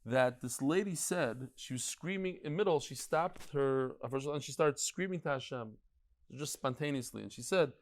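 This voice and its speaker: A man giving a lively, storytelling class as a rabbi, full of anecdotes and stammered restarts. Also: medium pitch, normal speed. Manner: animated, digressive, tells anecdotes and stories; frequent restarts and stammered repeats. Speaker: rabbi teaching a daily Talmud class.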